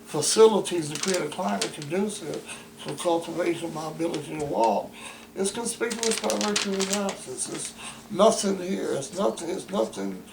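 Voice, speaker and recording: A man's voice: high-pitched, moderate pace, gravelly, roomy sound, background noise. A man at home, making an emphatic complaint in formal, wordy phrasing with many stammered restarts. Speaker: interviewee describing his care. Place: home bedroom.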